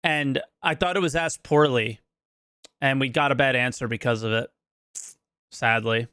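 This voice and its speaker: A man co-hosting a stream who chimes in with blunt, excitable remarks. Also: medium pitch, normal speed, clean tone, dry recording, clean studio sound. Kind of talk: casual chat.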